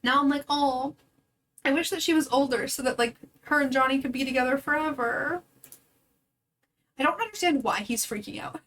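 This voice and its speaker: A woman's voice: high voice, normal speed, a bit bright, slight background noise, low-quality recording. A young woman streaming a life-sim game, chatting casually with her viewers and often laughing. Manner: chatty, giggly, talking to chat. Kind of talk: casual gameplay commentary.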